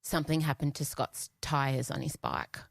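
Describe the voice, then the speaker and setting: A woman's voice: rumbling low, normal speed, gravelly, dry recording, clean studio sound. A woman, hosting a podcast and telling a comic story in casual chat, acting out the voices in the dialogue she retells. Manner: animated, puts on voices in retold dialogue. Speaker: podcast host.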